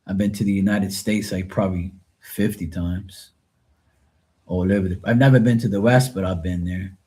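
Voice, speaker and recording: On his live tarot stream, a man from Bermuda rambles loosely to his viewers in a Bermudian accent. His voice is deep and warm, with fairly even intonation at normal speed.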